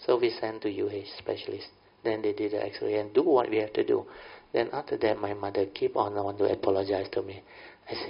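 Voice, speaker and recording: A middle-aged Buddhist teacher with a Malaysian English accent gives a folksy Dhamma talk in a low, steady, gravelly, slightly rough voice at normal speed. He keeps asking listeners whether they understand. The recording is dull and lo-fi.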